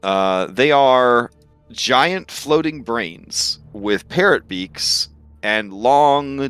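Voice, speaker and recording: A man narrating as game master of a tabletop game, with a relaxed, hesitant delivery full of fillers. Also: medium pitch, clear, resonant tone, no echo. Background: faint music.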